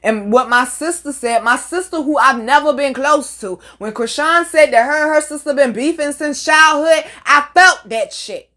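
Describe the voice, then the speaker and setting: A woman hosts a casual podcast monologue. She tells candid personal stories, swears freely and breaks into laughing asides. Her voice sits a little high. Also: normal speed, hardly any pauses, bright, forceful tone. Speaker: podcast host.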